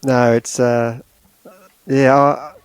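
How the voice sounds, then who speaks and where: A middle-aged man, a coach and podcast host, talking in a halting, emotional way with many pauses and fillers. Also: mid-range voice, level tone, clean tone, dry recording. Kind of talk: podcast conversation.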